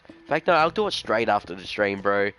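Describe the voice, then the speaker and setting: A man's voice: lowish voice, big pitch swings, a little fast, bright, forceful tone. A young man live-streaming a game, chatting casually and rambling in slang, often tossing in "bro". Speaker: gaming streamer. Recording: faint music behind the voice.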